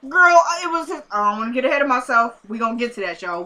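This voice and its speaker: A woman's voice: on the high side, big pitch swings, fast, bright, forceful tone, a little hiss or hum, low-quality recording. A woman giving a casual, slangy episode recap, talking straight to her viewers and acting out the characters' lines. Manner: acts out characters' lines while retelling. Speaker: TV episode reviewer.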